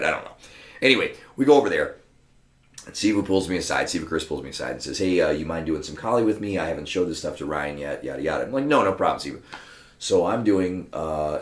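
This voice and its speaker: Low-voiced man telling stories in an echoey room. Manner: animated, profane, acts out quoted voices. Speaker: guest storyteller. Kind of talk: casual storytelling chat. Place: room with a small live audience.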